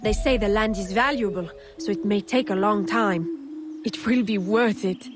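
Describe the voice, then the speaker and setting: An actress playing a brainwashed worker in a video game who insists everything is happy, with music underneath. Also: female voice, mid-range voice, unhurried, background noise, lightly acted. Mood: serene. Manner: soft, insistently content speech. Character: brainwashed woman worker, eerily cheerful.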